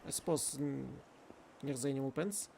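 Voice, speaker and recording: A man streaming a game, thinking aloud and shouting calls to the characters. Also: medium pitch, normal speed, creaky, a little hiss or hum. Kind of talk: game let's-play commentary.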